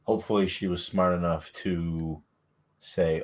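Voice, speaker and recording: A man's voice: low voice, moderate pace. A man co-hosting a podcast, telling stories in a laid-back way with lots of fillers. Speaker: podcast co-host. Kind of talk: casual chat.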